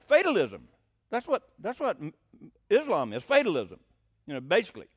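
High-voiced preacher man. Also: huge pitch swings, moderate pace, no room sound, clean studio sound. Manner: folksy, blunt, sarcastic asides. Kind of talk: sermon.

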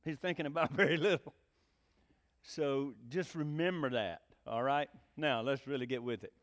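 A man's voice: mid-range voice, normal speed. A man preaching a joking, folksy sermon, often rising into emphatic bursts. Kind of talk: sermon with jokes. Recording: long reverb of a hall.

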